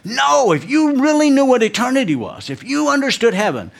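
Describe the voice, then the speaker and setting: A man's voice: very high-pitched, very animated, a little fast, gravelly, voice pushed up, heavily acted. A man putting on his feisty mother in her eighties, insisting and scolding. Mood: fiercely rejoicing. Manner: insistent, jabbing.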